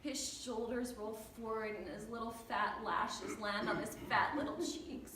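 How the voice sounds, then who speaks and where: A woman with a fairly high voice tells comic stories to an audience in a lively, animated way, slipping into the voices of her family. She is picked up from a distance in a roomy, echoing hall. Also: measured pace, slight background noise. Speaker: storyteller on stage. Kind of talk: humorous personal storytelling talk. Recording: echoey hall, recorded from far off.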